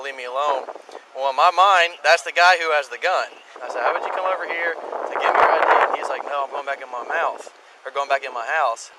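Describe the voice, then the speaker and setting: A male police officer casually recounting an incident to colleagues outdoors. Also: mid-range voice. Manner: rambling, recounting, quoting others. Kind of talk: casual spoken account to colleagues. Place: outdoors on a residential street. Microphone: body camera. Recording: noisy outdoor body camera audio.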